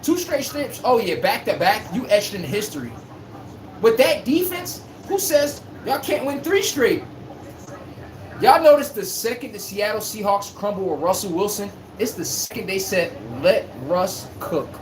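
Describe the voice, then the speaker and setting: A man's voice: high-pitched, expressive, moderate pace. A man hosting a casual sports live stream, reading chat and trash-talking in a brash, playful way, recorded on a phone. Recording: echoey room with faint hum.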